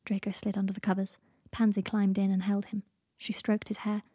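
Husky woman reading fan fiction. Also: medium pitch, flat delivery, fairly quick, mellow, no room sound, studio quality. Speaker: reader. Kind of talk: fan fiction audiobook narration.

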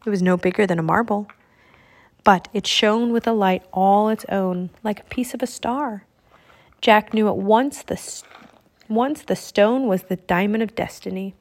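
Woman reader, children's storybook, steady clear telling, medium pitch. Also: measured pace. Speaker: audiobook reader. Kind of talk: children's book read aloud.

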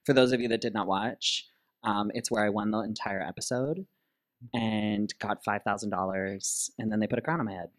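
A man's voice: fairly low pitch, moderate pace. A man who performs as a drag queen, co-hosting a podcast in a playful, teasing chat with lots of laughter before a live audience.

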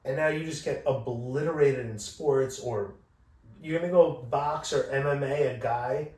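A man's voice: medium pitch, a little mellow. Blunt ranting man in an echoey room. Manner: blunt, opinionated ranting with quick questions. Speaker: podcast co-host. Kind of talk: casual chat. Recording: echoey room, mic at a distance.

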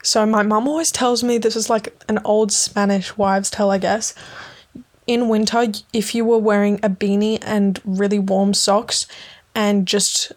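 A woman's voice: little pitch movement, measured pace. A young woman hosting her own podcast, rambling casually through a story, swearing freely and filling her talk with "like". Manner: chatty, swears freely, lots of "like" fillers; acts out quoted lines with raised pitch. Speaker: podcast host.

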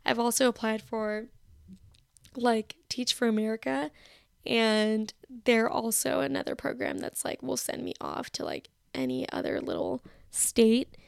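Chatty young woman with a gravelly voice. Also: fairly high pitch, expressive, measured pace, no room sound, clean studio sound. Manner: rambling, chatty and self-critical. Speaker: podcast host. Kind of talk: casual solo chat. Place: bedroom, sitting on her bed. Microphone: personal mic.

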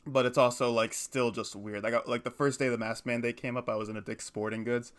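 A man's voice: medium pitch, little pitch movement, a bit bright. A young man in his twenties co-hosting a casual podcast, telling stories in a rambling way and correcting himself often. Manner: fast, rambling, self-correcting storyteller. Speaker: podcast co-host. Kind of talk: casual chat.

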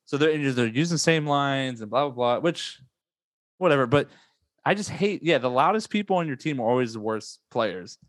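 A man chatting casually about online gaming as podcast host, animated and swinging up in pitch when he rants. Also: moderate pace, no echo, clean studio sound.

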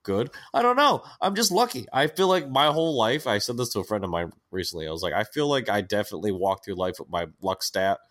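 Young man, podcast co-host, casual rambling chat, self-mocking, lowish voice. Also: animated, fast, few pauses. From United States.

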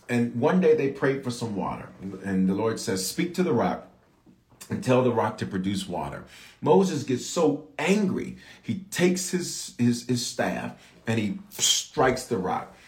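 A pastor preaching a sermon, telling stories in a loose, conversational way and jumping up in pitch to drive his points home. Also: very animated, measured pace, roomy sound. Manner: conversational storytelling with rising shouts of emphasis.

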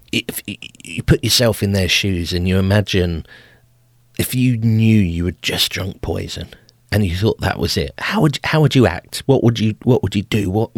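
A man's voice: sits low, no room sound, studio quality. A man hosting a podcast, telling family stories in a casual way, amused and laughing often as he goes, with frequent restarts. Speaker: podcast host. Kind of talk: casual storytelling.

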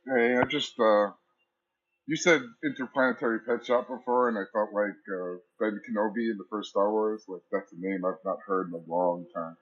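A man's voice: lowish voice, fairly even intonation, moderate pace, slightly rough. A man giving a proud, slightly rambling tribute to a friend. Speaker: community member. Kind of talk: casual tribute. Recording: dull lo-fi audio.

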